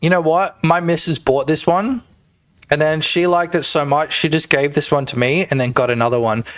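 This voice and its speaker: A man's voice: fairly high pitch, fairly even intonation, normal speed. A young man streaming his game development live, talking crudely and jokily in rambling bursts full of filler tags. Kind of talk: casual live-stream chat.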